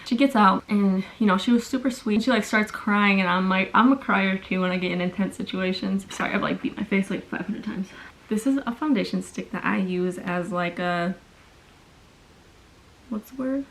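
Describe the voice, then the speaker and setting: A woman's voice: mid-range voice, normal speed, low-quality recording. A young adult woman vlogger telling a long story in casual chat while doing her makeup at home, with lots of fillers.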